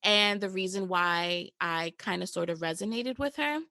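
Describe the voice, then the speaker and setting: A young woman from New hosts a podcast, chatting casually and informally and saying "girl" and "y'all." Her lowish voice has lively intonation, a sharp tone, and a moderate pace, with no echo in the recording.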